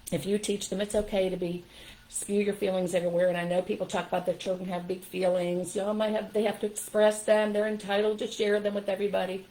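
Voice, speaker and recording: Older lady, low mellow voice, firm no-nonsense parenting talk straight to viewers. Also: low-quality recording. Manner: firm, emphatic, addresses viewers directly. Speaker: parenting advice host. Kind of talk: casual livestream advice talk.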